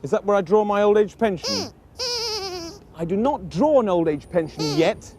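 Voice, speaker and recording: A man's voice: sits high, normal speed, noisy background. A man with a British accent presenting a children's show, talking playfully and patiently to a puppet. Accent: British English. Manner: animated, teasing, patient.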